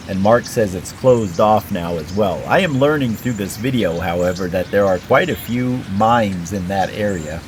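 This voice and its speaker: A man host narrating his rock-collecting channel in a careful, measured, explanatory way, reading a prepared script over footage. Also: on the low side, a little hiss or hum.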